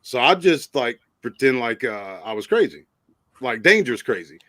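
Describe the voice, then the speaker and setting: A man's voice: medium pitch, sing-song, normal speed, a bit bright, dry recording. A man hosting a live stream, telling a long story in casual chat, stammering and laughing as he goes. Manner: rambling, stammering, laughs often.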